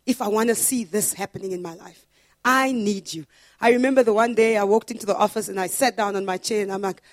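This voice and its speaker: A woman pastor preaching a sermon in an earnest way, building to loud, emphatic repetitions. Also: medium pitch, no echo, studio quality.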